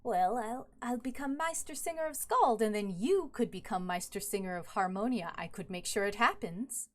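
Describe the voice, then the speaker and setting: Woman playing a smooth, evasive noble father with big ambitions; mid-range voice. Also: mid-range voice, expressive, moderate pace, natural voice. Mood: scheming. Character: scheming ambitious noble father, middle-aged man.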